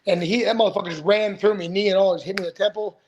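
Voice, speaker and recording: A man's voice: high voice, steady tone, racing, highs cut off, slight background noise. A man in his forties, a retired fighter, telling stories as a podcast guest in a rambling, profane way, full of restarts. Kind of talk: casual storytelling interview.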